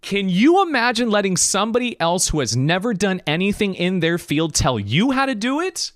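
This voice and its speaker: A man's voice: sits high, moderate pace, no echo, studio quality. A man hosting a podcast stream, giving casual motivational talk and speaking directly to his viewers. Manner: animated, preachy, talks to viewers directly.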